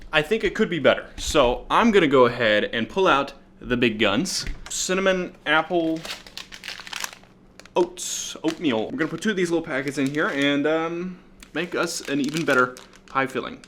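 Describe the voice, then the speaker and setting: A man's voice: fairly high pitch, noisy background. A man narrating a cooking vlog in a playful, mock-earnest way, hyping up strange dishes as he makes them. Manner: playful, mock-earnest, hypes up bad food. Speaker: cooking vlogger.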